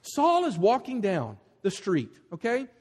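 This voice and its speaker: A man preaching a sermon with animated storytelling, acting out voices as he tells the story. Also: high-pitched, unhurried, husky. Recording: long hall reverb.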